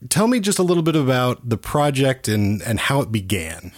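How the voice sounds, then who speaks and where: A man's voice: medium pitch, big pitch swings, moderate pace, no echo. A man hosting a casual movie podcast, playful and wry, with a dry, close sound. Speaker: podcast host.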